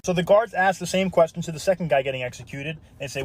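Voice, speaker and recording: A man telling crude jokes as first-person stories, building brisk deadpan setups toward punchlines and swearing along the way. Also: fairly high pitch. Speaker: joke storyteller.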